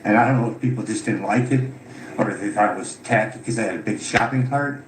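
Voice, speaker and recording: A man with a fairly low pitch speaks fast, telling his story as a caller in an unscripted recording. He sounds tired and frustrated and swears frequently, amid echo and loud background noise.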